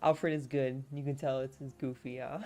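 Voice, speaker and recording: A woman's voice: rumbling low, little pitch movement, moderate pace, mellow, a little hiss or hum. A woman streamer reading a novel aloud on a live stream and chatting between passages, giggly and self-deprecating.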